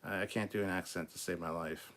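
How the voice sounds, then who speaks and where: A man hosting a live stream, reading out viewer comments and giving blunt, opinionated answers, often clearing his throat and stumbling over words. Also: low voice, fairly even intonation, fast, fairly bright tone. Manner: blunt and opinionated, swears casually. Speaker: host of a live show.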